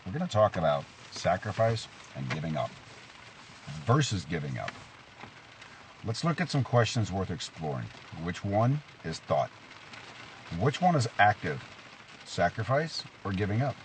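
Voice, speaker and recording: A man with a low voice gives a casual devotional talk outdoors and tells stories to make his points. His pitch swings widely as he poses questions. Faint rain patters in the background. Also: very animated, a little slow, pauses often, slight background noise. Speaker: preacher.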